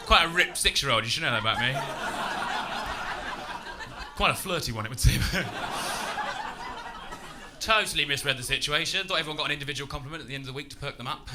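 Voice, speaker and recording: A man's voice: a little high, fast, long pauses. A young man with a Lincolnshire accent doing a chatty, self-mocking stand-up set on a comedy club stage. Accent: Lincolnshire English. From England. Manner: chatty, self-mocking, with loud shouted bursts. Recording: live club recording with crowd noise.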